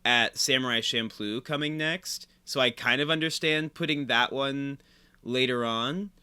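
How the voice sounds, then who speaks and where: A man's voice: mid-range voice, measured pace, bright, forceful tone, smooth. A young man co-hosting a podcast, joking and teasing in casual banter. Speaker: podcast co-host.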